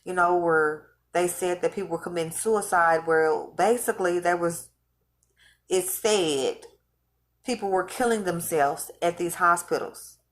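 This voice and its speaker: A woman's voice: fairly low pitch, measured pace. A woman who is losing her voice, talking in a rambling, earnest way in a casual spiritual vlog, with features. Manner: rambling, earnest, restarts often. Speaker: vlogger recounting visions.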